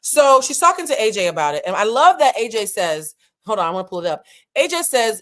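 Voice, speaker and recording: A woman's voice: on the high side, big pitch swings. Brash, swearing woman recapping reality TV. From United States. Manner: candid, brash, swears freely, quick asides. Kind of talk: casual profane recap commentary.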